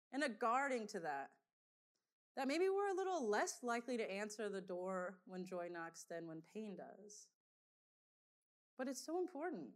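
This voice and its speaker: A woman giving a sermon to a congregation, conversational and animated, telling personal stories and laughing often. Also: fairly high pitch. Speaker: preacher.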